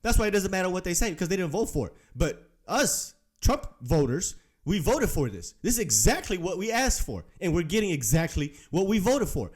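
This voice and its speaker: A man's voice: sits high, sing-song, a little fast, few pauses, husky. A man hosting a political commentary channel, reacting to clips in a blunt, emphatic way.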